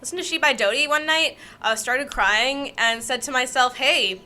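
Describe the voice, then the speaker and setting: Bright-voiced young woman telling stories. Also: high voice, normal speed, slight background noise. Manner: rambling, self-deprecating, laughs often. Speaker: podcast co-host. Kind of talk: casual storytelling chat.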